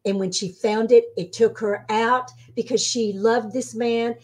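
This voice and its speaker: A woman being interviewed as a spiritual medium, telling stories in a casual, animated way and acting out the voices she quotes. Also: a little slow. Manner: animated, acts out quoted voices with sudden pitch jumps. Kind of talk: casual storytelling.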